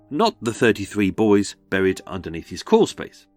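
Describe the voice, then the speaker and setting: A man's voice: on the low side, wildly swooping pitch, normal speed, few pauses, fairly bright tone, soft background music. A man with a British accent hosts a podcast in scripted comedic narration, full of sardonic, mocking asides. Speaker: podcast host.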